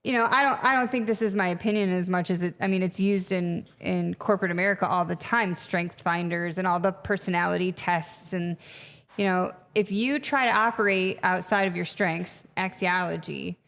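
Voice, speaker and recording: A woman guest in a conversational interview, telling stories in an animated way with lots of fillers. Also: on the low side, moderate pace. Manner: animated storyteller, many fillers. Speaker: podcast guest, retreat facilitator. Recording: long reverb, echoey room.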